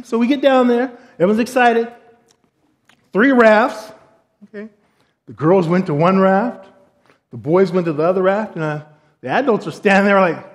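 A middle-aged man preaching, telling a humorous personal story with lively quoted dialogue. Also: fairly high pitch, moderate pace. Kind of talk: storytelling sermon.

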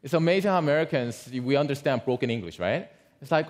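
A pastor preaches a sermon, walking his congregation through a story with plenty of asides. His ordinary middle male pitch rises and falls a great deal, and he's animated and fast.

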